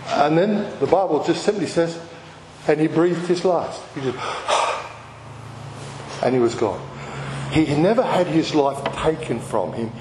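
A man's voice: fairly high pitch, big pitch swings, slow pace. Man, pastor, emphatic sermon, long hall reverb, noisy background. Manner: impassioned, emphatic, repeats phrases. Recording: echoey hall with background noise.

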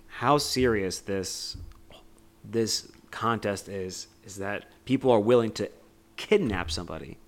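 A man co-hosting a podcast, casually retelling a film scene with lots of "like" and "you know". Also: fairly low pitch. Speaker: podcast co-host. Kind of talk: casual movie discussion.

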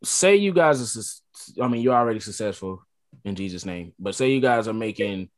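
A man's voice: fairly low pitch, expressive, brisk. A man in casual chat, laid-back, posing a hypothetical question to the women.

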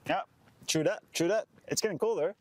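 A man's voice: high voice, a little fast, darkish tone. A man hosting a casual chat while walking outdoors on a campus, easygoing and curious, often repeating words like "cool, cool". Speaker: podcast host.

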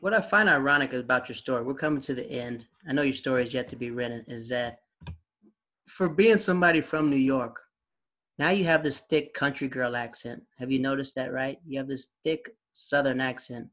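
A man's voice: mid-range voice, brisk, fairly bright tone. A man hosting a podcast, chatting casually and asking teasing questions. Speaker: podcast host. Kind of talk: casual interview chat.

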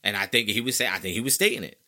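An opinionated man hosts a sports podcast, arguing his points casually and emphatically, often repeating himself for weight. His voice sits fairly low, yet its tone is bright and forceful. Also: rapid-fire. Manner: emphatic, animated and opinionated, with frequent repetition. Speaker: podcast host.

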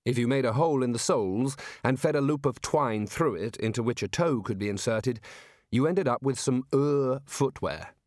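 Man, audiobook narration, measured delivery, mid pitch, dry studio sound. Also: darkish tone, no room sound. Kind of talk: scripted narration.

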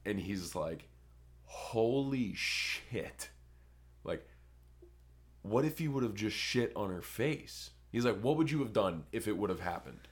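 Man, very deep voice, young adult, casual podcast chat, crude rambling storyteller. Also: lively intonation, normal speed. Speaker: podcast co-host.

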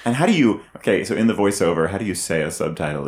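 Male co-host, low pitch, wry and enthusiastic. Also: expressive, fast talker, hardly any pauses, darkish tone. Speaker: podcast co-host. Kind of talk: casual brainstorming chat.

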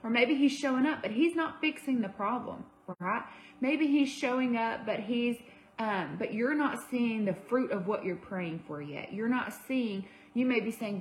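A woman's voice: a little high, normal speed, poor audio. A young woman giving a livestream devotional to women, conversational, with fillers and self-corrections. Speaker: women's ministry speaker.

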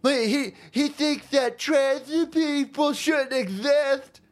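A man's voice: slow pace, soft background music. A man putting on a whiny, panicking young protester who sobs and cries for help, mocking him. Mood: shrill whining. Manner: shrill, sobbing, mocking.

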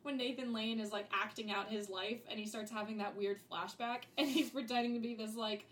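A woman's voice: a little high, steady tone, a little fast, slight background noise. A young adult woman co-hosting a podcast in casual chat, giggling often and quoting lines in playful voices. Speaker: podcast co-host.

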